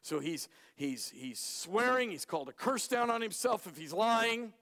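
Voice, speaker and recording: A male pastor preaching a sermon dramatically, swinging between loud emphasis and hushed lines. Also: high-pitched, sing-song, unhurried. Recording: echoey hall.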